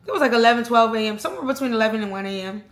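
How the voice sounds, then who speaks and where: A woman recounts a wild night out for her channel, chatty and full of slang. Her voice sits a little high, and the room around her rings with echo. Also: very fast. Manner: chatty, slangy, animated retelling. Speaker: storytime vlogger. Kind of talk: casual storytelling.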